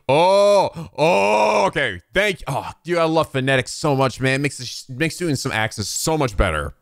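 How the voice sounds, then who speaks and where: A man commenting excitedly on a video game as he plays, swearing and laughing often. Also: on the high side, moderate pace, creaky, hardly any pauses, dry recording, studio quality. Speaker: let's play host.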